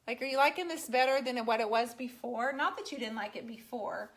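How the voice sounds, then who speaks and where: A woman hosts a live painting stream from her garage, and her voice sits a little higher than most. She keeps up a chatty, playful patter, teasing her viewers and talking straight to them while she works. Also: a little fast. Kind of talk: casual live-stream chat. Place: home garage.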